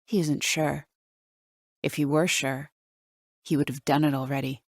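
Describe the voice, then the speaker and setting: A woman narrating a thriller audiobook in first person, with a wry, measured delivery. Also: deep voice, level tone, no room sound, clean studio sound.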